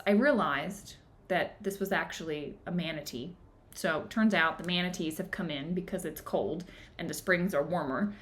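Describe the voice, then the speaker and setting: A woman hosting a book club livestream, retelling a story in a casual, animated way and acting out the quotes. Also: on the low side, moderate pace. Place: home in the woods. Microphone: streaming device, live video.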